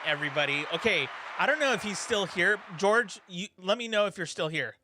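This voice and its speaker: A man hosts a study livestream, reading out viewer comments in a loose, rambling chat full of fillers. His voice is bright and a little high. Soft music plays underneath. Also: lively intonation, normal speed, few pauses, a faint crowd. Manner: warm, rambling, encouraging, with frequent fillers. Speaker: livestream host.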